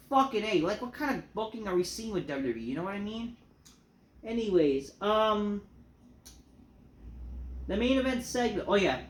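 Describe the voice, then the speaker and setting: A woman's voice: fairly high pitch, a bit bright. A woman ranting through a wrestling show review, exasperated and full of swearing. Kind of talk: solo review rant. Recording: roomy echo.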